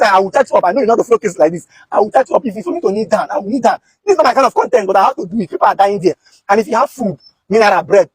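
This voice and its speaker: Urgent, husky Nigerian man pleading. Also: extremely high pitch, no echo. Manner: urgent, pleading, repeats phrases. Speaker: content creator recounting police detention. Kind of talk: emotional direct-to-camera appeal.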